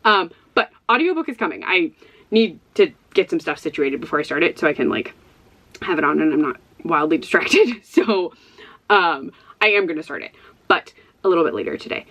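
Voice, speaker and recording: A woman's voice: low-pitched, lively intonation, a little fast, fairly bright tone. A woman from Ohio chatting casually to camera about books. She is bubbly and chatty, and often breaks into laughter. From Ohio, USA. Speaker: book vlogger.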